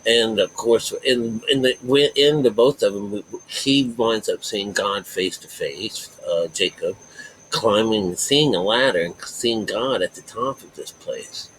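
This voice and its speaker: A man's voice: fairly low pitch, measured pace, fairly bright tone, slight background noise, rough recording. A man teaching about the Bible in a rambling way, circling back to repeat his points and leaning hard on key words. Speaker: self-taught Bible teacher.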